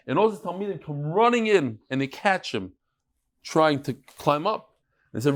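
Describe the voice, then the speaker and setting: A middle-aged man leads a lively Talmud class, telling stories and bantering with his students. His voice sits fairly high for a man. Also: a little fast. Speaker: Talmud teacher.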